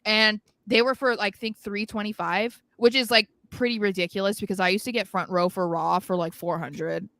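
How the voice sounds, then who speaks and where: A young adult woman co-hosting a casual chat podcast, excited and giggly, rambling quickly. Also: mid-range voice, no echo. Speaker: podcast co-host.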